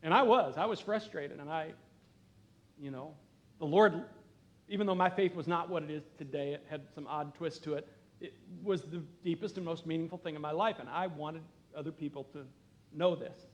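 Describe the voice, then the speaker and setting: Middle-aged pastor guy preaching, slightly high voice, chatty and earnest, gets quiet for emphasis. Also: fairly even intonation, normal speed. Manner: conversational, earnest, with dramatic quiet drops. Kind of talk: sermon. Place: church sanctuary.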